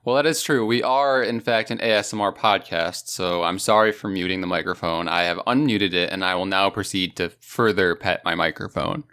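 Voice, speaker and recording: A man co-hosts a casual gaming podcast with mild, low-key remarks. His voice sits fairly low and sounds clear and smooth. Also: normal speed, hardly any pauses, bright, forceful tone. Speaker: podcast co-host. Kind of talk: casual chat.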